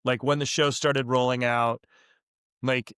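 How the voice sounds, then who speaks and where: A man hosts a chef's podcast, mostly reacting briefly and asking quick follow-up questions. His voice sits at a middle pitch, recorded close and dry. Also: flat delivery, a bit bright, smooth, no echo. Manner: brief reactions and questions, reads sponsor ads. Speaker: podcast host and chef. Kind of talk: casual podcast chat.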